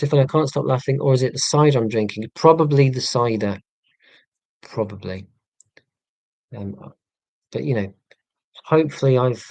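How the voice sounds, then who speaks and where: A man's voice: medium pitch, a little mellow, no echo. Dry, self-mocking English man chatting. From England. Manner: dry, self-mocking, rambling with many ums. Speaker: live-stream host. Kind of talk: casual live-stream chat.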